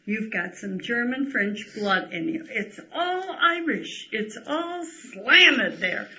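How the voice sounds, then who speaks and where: A woman's voice: a little high, sing-song, takes it slowly, sharp tone. An older woman, a mother in a family conversation, who speaks frankly and indignantly. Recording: dull lo-fi recording.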